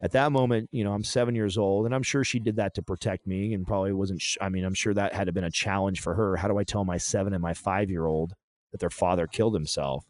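Low-voiced man telling a personal story. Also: steady tone. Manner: halting, restarts often, emotional. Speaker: podcast guest.

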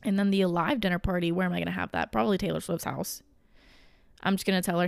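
A woman's voice: on the low side, steady tone, fast, vocal fry, no echo. A young woman vlogging in a casual, gushing way, rambling with fillers and self-corrections. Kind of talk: casual chat to camera.

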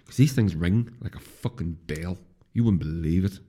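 A man's voice: low voice, moderate pace, mellow, slightly rough. A middle-aged man with a Northern Irish accent, hosting a casual solo podcast, rambling with restarts and swearing freely. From Northern Ireland. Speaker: podcast host.

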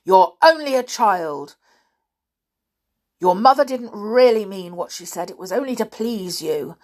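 A woman voicing a stern middle-aged father who talks in a brisk, lecturing way. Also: medium pitch, animated, darkish tone.

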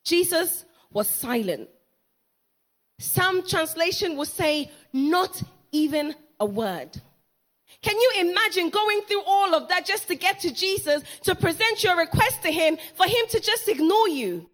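A woman's voice: extremely high pitch, expressive, moderate pace, hardly any pauses, a bit bright. A woman preaching a sermon, telling the story dramatically, repeating key lines for emphasis and acting out the people in it. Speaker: pastor's wife preaching.

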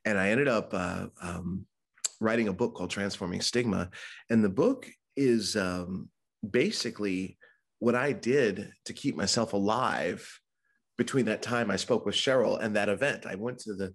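Gravelly, husky man telling his story. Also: lowish voice, moderate pace. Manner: candid and conversational, acts out quoted voices. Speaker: mental health speaker and author. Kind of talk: podcast interview, personal story.

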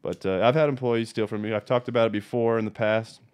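Fast-talking, profane man telling stories. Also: lowish voice, clean tone. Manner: profane, blunt, animated storyteller. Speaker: podcast host. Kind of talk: casual storytelling.

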